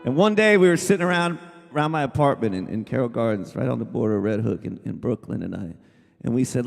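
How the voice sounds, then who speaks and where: A man's voice: medium pitch, lively intonation, quick pace, vocal fry, a little mellow, long reverb tail. A man, a singer-songwriter, telling a rambling, casual story on stage between songs at a small live music venue, with many restarts.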